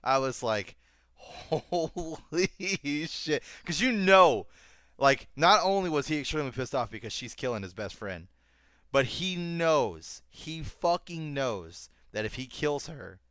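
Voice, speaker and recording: A man's voice: medium pitch, unhurried, smooth, dry recording, studio quality. A man hosting a casual anime review chat, swearing freely and getting worked up as he retells scenes. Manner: excited, profane, retells scenes with voices. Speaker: podcast host.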